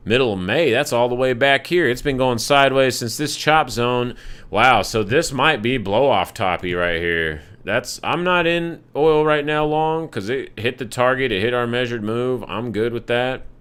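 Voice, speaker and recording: A man's voice: medium pitch, normal speed, a bit bright, clean tone. A young man hosting a live market analysis stream, talking casually through charts with loose, jokey, profane asides. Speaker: market analysis livestream host.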